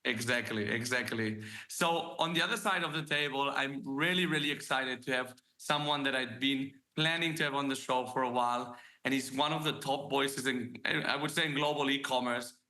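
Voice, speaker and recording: A man's voice: mid-range voice, moderate pace, few pauses, bright, forceful tone. A man with a Catalan accent hosting a podcast and joking with his guests. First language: Spanish. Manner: upbeat, jokey. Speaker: podcast host.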